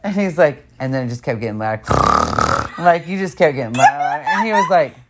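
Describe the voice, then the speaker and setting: A woman telling a frank, profane story in casual chat, quoting others in animated voices and laughing often. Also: sits low, fairly quick, noisy background.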